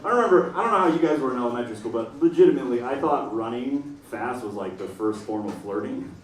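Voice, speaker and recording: A man doing a stand-up comedy set on a small stage, talking in an animated way and dropping into quick silly voices. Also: medium pitch, reverberant, distant mic, crowd noise. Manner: animated, swings into quick put-on voices for jokes. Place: small comedy stage in front of a live audience. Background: audience laughing and clapping.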